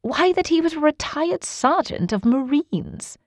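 An earnest Victorian gentleman voiced by a woman who exclaims with wide-eyed wonder, his voice lifted well above the reader's own. The storybook delivery is dry and close, with little room sound. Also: sits high, expressive, a little slow, dry recording, voice pushed up. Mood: astonished. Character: Dr. Watson, eager astonished Victorian man.

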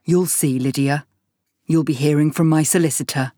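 A woman puts on a cold, stubborn husband in an audiobook, his flat, curt voice pitched low and dry. He sounds unbothered and brushes things off. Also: moderate pace, no echo.

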